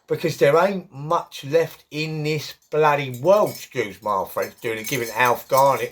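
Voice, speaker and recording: A man's voice: medium pitch, a little slow, few pauses. A middle-aged man, talking in a chatty, rambling monologue full of jokey asides.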